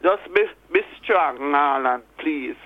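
A hoarse woman with a Jamaican accent calling in to a radio show, pleading earnestly and encouraging someone. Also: deep voice, animated, slow pace, no room sound. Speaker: caller. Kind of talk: radio call-in. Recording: tinny phone line, dry.

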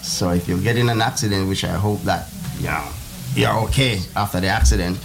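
Brief: low-pitched male guest, halting delivery, slight noise behind. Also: gravelly. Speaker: business owner guest. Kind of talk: casual chat.

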